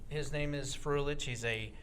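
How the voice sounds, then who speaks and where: A man's voice: on the high side, fairly even intonation, moderate pace, a bit bright, clean tone. A man from New Jersey trading sarcastic wisecracks as a guest on a political talk radio show.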